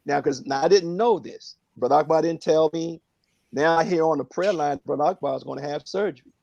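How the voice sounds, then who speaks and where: A man speaking earnestly and reflectively on a phone prayer line, in a halting way with many fillers. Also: on the high side, creaky, a little mellow, no echo, highs cut off.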